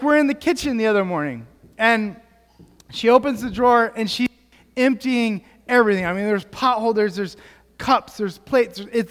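A young pastor with a strikingly high voice tells a story in a relaxed, rambling way, leaning on fillers and false starts. His sermon rings out with a long reverb from the church sanctuary. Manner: casual storytelling with many fillers.

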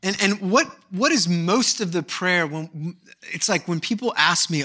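A middle-aged male pastor preaching a sermon, candid and animated, breaking into mock voices and shouted bursts. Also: high voice, moderate pace.

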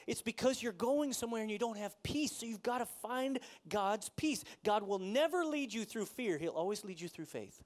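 A man's voice: high-pitched, animated, moderate pace, few pauses. Man preaching a conversational sermon. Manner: conversational preaching, asks the audience questions, acts out quotes. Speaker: pastor.

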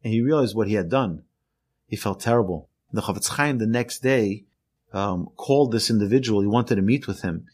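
A man's voice: on the low side, moderate pace, a little mellow. A man, a rabbi, teaching an earnest podcast lesson and telling stories with emphasis.

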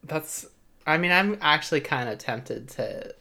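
A woman co-hosting a casual podcast chat, relaxed and amused, reading out reviews. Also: low-pitched, unhurried, gravelly. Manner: relaxed, amused, laughs often. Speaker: podcast co-host.

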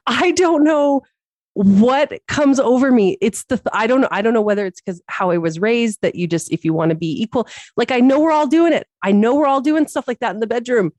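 A woman's voice: on the high side, a little mellow, no room sound. A woman co-hosting a casual podcast, talking candidly and self-deprecatingly, laughing often and restarting her sentences. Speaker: podcast co-host.

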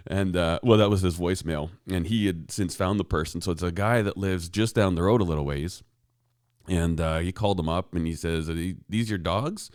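Deep-voiced man telling a rambling story. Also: steady tone, brisk, darkish tone, clear, resonant tone, no echo, clean studio sound. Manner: rambling storyteller, acts out quoted neighbor. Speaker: podcast co-host. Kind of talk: casual chat. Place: rural home shop.

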